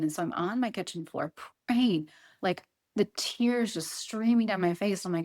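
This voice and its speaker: A woman's voice: mid-range voice, measured pace. A middle-aged woman speaking earnestly as an interview guest, often repeating herself and quoting her own thoughts. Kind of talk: emotional interview conversation.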